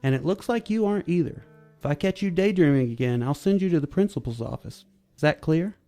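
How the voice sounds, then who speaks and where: A man voicing a strict woman schoolteacher who speaks in a stern, sarcastic, brisk way, with soft music behind. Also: on the high side, lively intonation, gravelly, no room sound.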